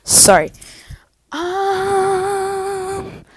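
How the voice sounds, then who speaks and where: A woman's voice: extremely high pitch, drawn-out words, slight background noise. A woman hosting a casual podcast with a cough, often apologising for interruptions. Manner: apologetic, keeps excusing interruptions. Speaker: podcast host. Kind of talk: casual chat.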